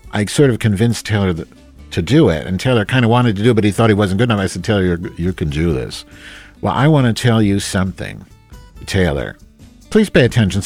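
A man streaming live, rambling and swearing as he reacts to his viewers, jumping between loud outbursts and low mutters. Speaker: livestreamer reading chat.

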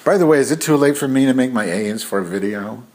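A man's voice: mid-range voice, lively intonation, fast talker, darkish tone. A man telling a rambling, profane anecdote to camera in a casual vlog. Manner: rambling and profane, with many fillers. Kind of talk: casual storytelling.

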